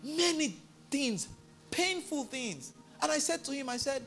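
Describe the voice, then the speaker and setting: Male pastor, storytelling sermon; very high, bright, forceful tone, swelling to loud emphatic peaks; faint music behind. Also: lively intonation, unhurried. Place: church.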